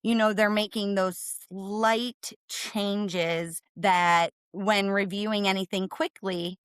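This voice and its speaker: Woman with a smooth, clear voice. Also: medium pitch, steady tone, dry recording. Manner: brisk, emphatic, tags points with "right?". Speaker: cargo claims and risk manager, guest. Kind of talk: podcast interview, explaining.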